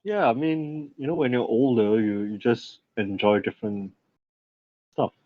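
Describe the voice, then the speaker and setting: A young man chats casually as a podcast co-host, with plenty of laughter and swearing. His stories are animated. His voice sits mid-pitch and sounds close and dry, with a slightly dull, muffled tone. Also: a little slow, dry recording. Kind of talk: casual chat.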